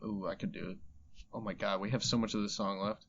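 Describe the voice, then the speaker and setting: A man's voice: fairly low pitch, level tone, fast talker, highs cut off. A man co-hosting a podcast, talking bluntly and casually about rap lyrics with plenty of swearing. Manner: blunt, laid-back, heavy swearing. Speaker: podcast co-host.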